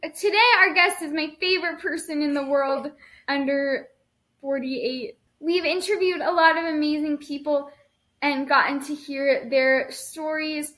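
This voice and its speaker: A woman's voice: sits high, steady tone, a little slow, fairly bright tone. A young woman hosting a podcast, chatty and teasing in casual conversation. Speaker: podcast host.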